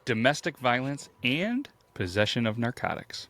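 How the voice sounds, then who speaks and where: A man co-hosting a podcast, making wry, deadpan jokes in casual chat. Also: medium pitch, normal speed, no echo. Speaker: podcast co-host.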